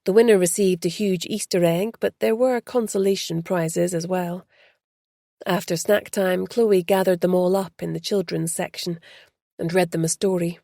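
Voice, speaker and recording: A woman narrating an audiobook with a gravelly, mellow, rather low voice, measured and even. The close mic gives a dry, dead sound. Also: no echo.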